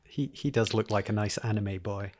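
A man playing a tabletop game, soft-spoken and measured. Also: on the low side. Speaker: player. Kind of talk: casual tabletop game chat.

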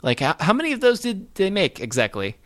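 Here a male podcast co-host with a high voice talks fast, his pitch swooping wildly. He's loosely chatting about a movie, rambling and laughing with many fillers.

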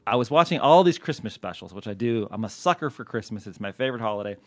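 A man's voice: lowish voice, animated, quick pace, no echo. A man hosting a podcast in casual, jokey banter, self-mocking and laughing often. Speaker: podcast host.

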